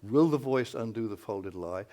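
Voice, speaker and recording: A man moderating a literary panel, thinking aloud and animated as he talks through a poem. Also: fairly low pitch, moderate pace. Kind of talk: panel discussion.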